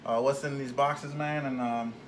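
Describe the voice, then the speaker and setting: Man, casual vlog host, slightly winded, excitable chatter, loud background noise, mid pitch. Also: normal speed. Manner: excitable, chatty, says "man" and "y'all" a lot. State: slightly out of breath. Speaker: RC car channel host.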